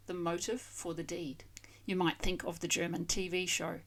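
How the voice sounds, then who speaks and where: A woman's voice: fairly low pitch, flat delivery, normal speed, fairly bright tone. A woman hosting a language-learning channel, giving a scripted vocabulary lesson and carefully spelling out foreign words.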